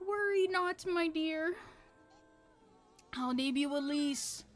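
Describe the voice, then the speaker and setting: A woman voicing a kindly, frail old grandmother in a game, with a high quavery old-lady voice and a doting, fussing manner. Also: slow, faint music behind.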